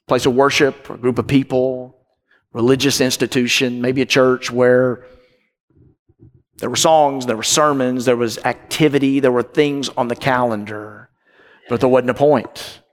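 A man preaching a sermon from the pulpit, emphatic and repetitive, swinging between loud and hushed. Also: medium pitch, fairly even intonation, unhurried, long reverb tail. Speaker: pastor. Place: church with balcony.

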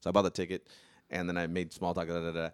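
Very deep-voiced rambling young man. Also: completely flat delivery, racing, clear, resonant tone, dry recording. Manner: rambling, stammering storyteller who laughs often and slips into impressions. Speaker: comedian guest. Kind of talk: casual podcast chat.

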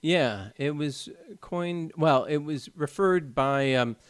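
A man's voice: a little high, takes it slowly, clean tone, no echo. Earnest man explaining at length. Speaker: podcast co-host. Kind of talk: casual chat.

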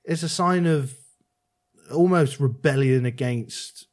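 A man's voice: medium pitch, slow pace. A man, hosting a casual chat and encouraging his guest. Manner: encouraging, chatty.

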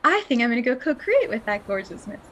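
A woman hosting a spiritual podcast, talking in a dreamy, breathy way with frequent laughs and soft whispered asides. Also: on the high side, big pitch swings, fast talker, low-quality recording. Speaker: podcast host.

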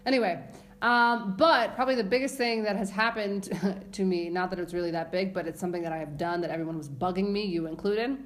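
A woman co-hosting a podcast in casual chat, teasing and quick-witted. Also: mid-range voice. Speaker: podcast co-host.

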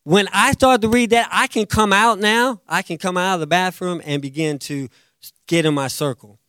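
High-voiced animated male preacher. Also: moderate pace, clear, resonant tone, dry recording, studio quality. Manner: animated, acts out quotes, jumps loud and soft. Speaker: pastor. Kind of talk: sermon.

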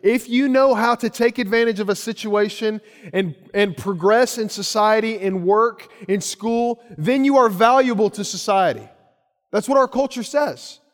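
A man preaching a sermon with a high, light voice. He speaks earnestly, doubling back on his words as he builds each point. The sound rings with the long reverb of a big hall. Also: moderate pace. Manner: earnest preaching with repeated phrases and restarts. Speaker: pastor.

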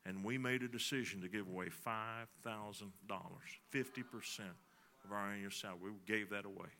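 A man's voice: fairly low pitch, fairly even intonation, brisk, pushed and bright. A middle-aged man, preaching a sermon in a folksy storytelling way and talking to the congregation. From Texas. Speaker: pastor.

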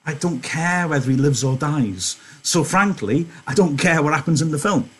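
Chatty husky teacher. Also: male voice, fairly high pitch, animated, moderate pace. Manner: chatty, self-interrupting, joking. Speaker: English teacher. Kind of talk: online literature lesson, reading aloud.

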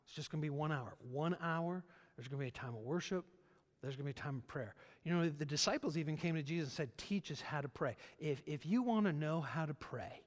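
Middle-aged male pastor, slightly high voice, emphatic and repetitive, church hall with long reverb. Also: fairly quick. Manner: animated, emphatic with repetitions and jokes. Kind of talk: sermon. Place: church service.

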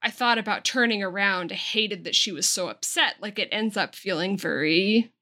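Female podcast co-host, bright forward voice, mid pitch, thoughtful and articulate. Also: normal speed. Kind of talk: casual book discussion with read-aloud passages.

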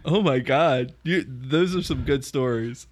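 A man's voice: mid-range voice, measured pace. A man hosting a podcast, reacting enthusiastically in casual interview chat. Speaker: podcast host.

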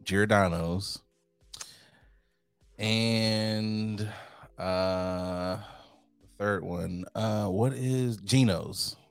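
A man's voice: on the low side, fairly even intonation, drawn-out words, long pauses, clear, resonant tone, no room sound. A man co-hosting a casual podcast in a teasing, laid-back way, often laughing. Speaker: podcast co-host.

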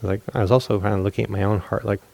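A man's voice: fairly low pitch, level tone, racing, gravelly, a little mellow. A meditation teacher giving a dharma talk, telling a story with candid, self-mocking humor and acting out his own inner voices. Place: meditation hall.

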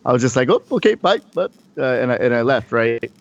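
A man's voice: medium pitch, level tone, quick pace, vocal fry. Socal guy rambling through a story, um and uh everywhere, kinda muffled lo-fi sound. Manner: rambling, many restarts and fillers. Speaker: podcast co-host. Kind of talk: casual storytelling chat.

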